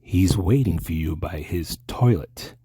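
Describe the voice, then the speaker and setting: A man putting on a slow, hushed, eerie mystery man. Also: sits low, slightly rough, no room sound, clean studio sound, exaggerated voice. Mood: menacing, hushed. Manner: slow, hushed, drawn-out delivery. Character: eerie soft-spoken mystery man from a film, older male, menacing.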